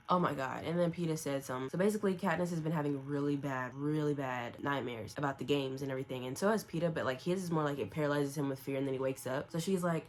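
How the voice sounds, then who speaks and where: A young woman in a casual reading vlog, speaking quickly in a low register. She rambles in a chatty way, full of fillers, and slips into the characters' lines as she recaps. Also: steady tone. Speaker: book vlogger.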